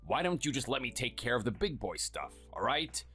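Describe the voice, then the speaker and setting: A man's voice: very animated, brisk, pushed and bright. A man playing a scornful, bossy husband who belittles his spouse, in a dramatized story. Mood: contemptuous. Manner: sneering and dismissive, low and clipped.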